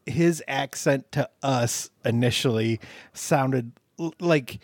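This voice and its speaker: A man's voice: mid-range voice, slow, no room sound. A man co-hosting a casual movie review chat, playful and laughing often. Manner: playful, laughs often, jokey mock-British voices. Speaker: podcast co-host.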